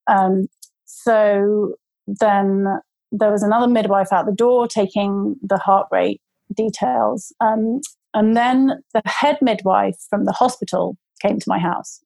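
Gravelly, rambling woman. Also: mid-range voice, steady tone, a little slow, a little mellow, no echo, rough recording. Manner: rambling, many fillers and restarts. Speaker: guest telling her birth story. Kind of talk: casual storytelling.

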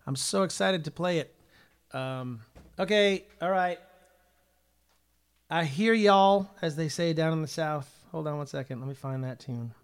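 Man, worship livestream host, casual chat, upbeat, filler-heavy, a bit high-pitched. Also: moderate pace, clean tone. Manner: upbeat, chatty, full of ums and uhs. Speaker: worship leader and musician hosting a livestream.

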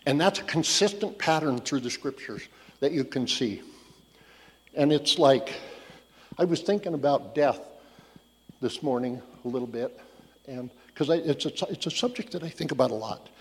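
A man's voice: mid-range voice, moderate pace, long pauses, breathy edge. A man giving a casual, conversational Bible teaching, telling the story loosely and thinking aloud as he goes. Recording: long hall reverb.

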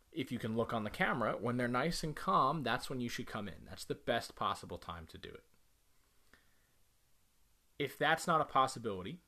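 A man's voice: medium pitch, bright, forceful tone. A man who is a parent, giving direct, emphatic instructions on dog training to the camera and repeating the key points.

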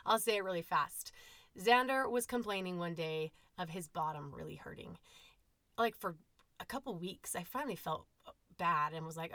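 A woman in her thirties, a mother of eight, hosting a podcast and telling candid, animated personal stories. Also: mid-range voice, moderate pace, no room sound. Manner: candid, animated, quotes herself in asides. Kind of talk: casual personal storytelling.

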